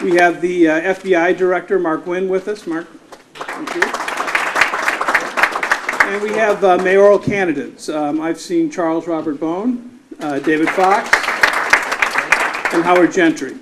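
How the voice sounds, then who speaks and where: Mayor giving measured formal remarks. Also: male voice, high-pitched, over a noisy crowd, heavy background noise. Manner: measured, acknowledging officials. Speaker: city mayor.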